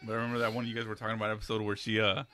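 A man's voice: lowish voice, monotone, rapid-fire, bright, forceful tone, faint music behind. A man in his late thirties co-hosting a podcast in casual, profane chat, tossing in Spanish slang. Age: late 30s. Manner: laid-back, profane, mixes in Spanish slang. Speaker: podcast co-host.

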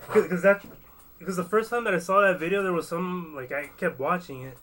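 A man in a casual conversation, talking in halting bursts and leaning heavily on "like". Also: high voice, fairly bright tone. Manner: fast, halting, heavy use of "like". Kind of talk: casual discussion.

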